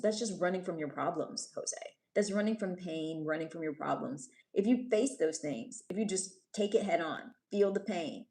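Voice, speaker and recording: A woman's voice: mid-range voice, darkish tone. A woman from New York City hosting a livestream, chatting casually with viewers, reading their comments and teasing or scolding them. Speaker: livestream host. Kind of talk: casual live-stream chat reading comments.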